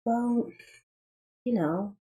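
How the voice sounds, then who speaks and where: A woman voicing a sad, coldly disappointed young queen who speaks quietly and gravely. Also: fairly high pitch, extremely slow, pitched above the performer's own voice, poor audio. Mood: grave sorrow.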